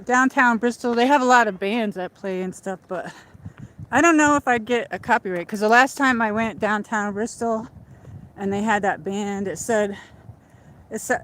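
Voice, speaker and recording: Brief: woman host, casual outdoor walk-and-talk stream, mid-pitched, chatty, a bit breathless, phone mic. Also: fairly bright tone, slight background noise. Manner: chatty and rambling, with many "like"s and restarts. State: a little out of breath from walking. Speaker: livestream host. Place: outdoors, walking by a lake.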